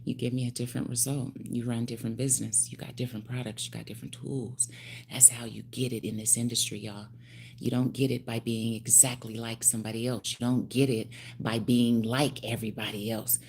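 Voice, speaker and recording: A woman in her fifties, a hairstylist speaking on a phone livestream, animated and preachy with frequent laughs. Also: rumbling low, a little fast, creaky, slight background noise. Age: 50s. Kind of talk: casual livestream talk.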